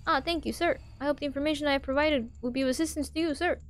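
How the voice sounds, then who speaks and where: A woman voicing a stiffly formal servant who speaks with high, overly polite deference to his superior. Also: steady tone, racing, faint music behind, lightly acted.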